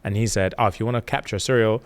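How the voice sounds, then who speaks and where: A man's voice: fairly low pitch, fairly even intonation, rapid-fire, clear, resonant tone. A man, casually retelling a novel's plot on a podcast, acting out the characters' lines in slang. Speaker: podcast co-host.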